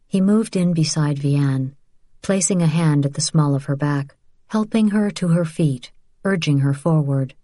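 A woman reading an audiobook in a calm, even narrating voice. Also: deep voice, a little slow, dry recording, clean studio sound.

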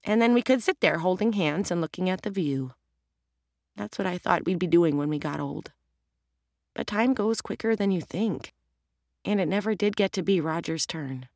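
A woman's voice: on the low side, expressive, normal speed, darkish tone, no room sound, studio quality. A woman reading an audiobook, voicing a middle-aged wife and mother who speaks in a reflective, earnest way. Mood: wistful.

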